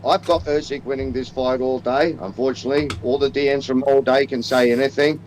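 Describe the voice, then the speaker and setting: A man, co-hosting a casual sports podcast and breaking down fights with profane, excitable banter. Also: brisk, a little hiss or hum, low-quality recording. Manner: profane, excitable, rising to shouty highs. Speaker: podcast co-host.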